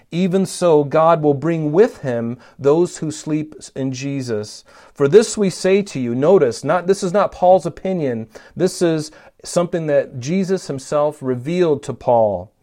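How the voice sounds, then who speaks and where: A man delivering a sermon from scripture, earnest and emphatic, leaning harder into the key lines. His voice sits a little on the high side for a man. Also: darkish tone. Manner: earnest, emphatic Bible teaching with rising stress on key lines. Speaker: preacher.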